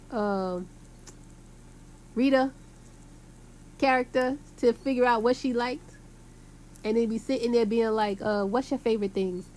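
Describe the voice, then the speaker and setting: A woman, rambling to her viewers in a loose, emphatic monologue. Her voice sits a little high, and her talk is full of slang, "yo"s and curses. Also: a little mellow, slight background noise. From Brooklyn, New York. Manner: rambling, emphatic, heavy street slang with frequent yo and cursing. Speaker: vlogger. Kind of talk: casual rambling monologue to camera.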